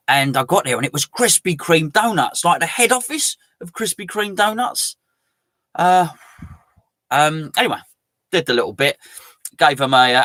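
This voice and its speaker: A man's voice: mid-range voice, fairly bright tone, no room sound. A man hosting a live fan stream, talking casually in a chatty, rambling way. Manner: chatty, rambling, self-mocking. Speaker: fan channel host.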